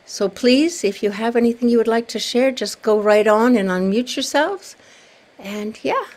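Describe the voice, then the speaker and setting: Gentle woman minister leading prayer. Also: on the high side, lively intonation, normal speed. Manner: gentle, prayerful, warm-hearted. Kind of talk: leading a service on a video call.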